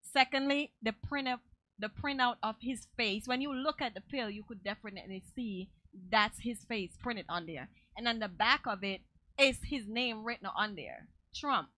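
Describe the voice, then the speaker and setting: A woman's voice: fairly high pitch, moderate pace, pushed and bright, no echo. A woman from Jamaica co-hosting a talk show, chatting casually and laughing often. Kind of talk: casual chat.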